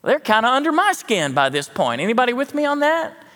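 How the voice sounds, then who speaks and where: Folksy high-voiced pastor preaching. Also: male voice, wildly swooping pitch, brisk, sharp tone, in a large hall. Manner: folksy, conversational, self-deprecating asides. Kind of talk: sermon. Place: church sanctuary.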